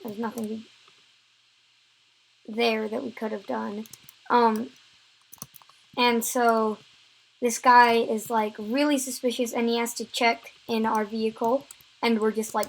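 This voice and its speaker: Woman vlogger, high voice, unhurried delivery, rambling filler-heavy storytelling. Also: level tone, gravelly, rough recording. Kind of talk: story time vlog.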